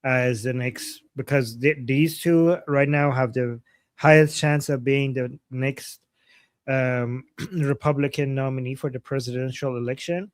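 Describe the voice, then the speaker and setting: A man's voice: medium pitch, fairly even intonation, unhurried, dry recording. A man co-hosting a casual livestream, giving blunt political opinions with frequent restarts. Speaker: political commentary co-host.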